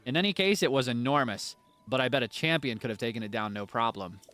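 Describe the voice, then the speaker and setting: A man's voice: mid-range voice, fast, sharp tone, lightly acted. A man voicing a chatty, nervous bird-folk villager man in a raised, gossipy voice.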